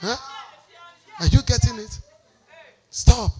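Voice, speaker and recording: A woman pastor leading a church sermon, shouting prayer declarations for the congregation to repeat and then dropping to a quieter preaching voice. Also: fairly high pitch, slow. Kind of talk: sermon with call-and-response prayer.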